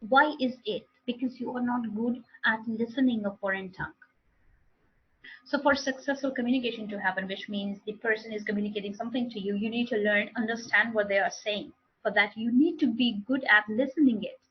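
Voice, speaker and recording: A woman's voice: on the high side, fairly quick, slightly rough, highs cut off. A woman teaching a live online English speaking class, explaining with repeated and restarted phrases.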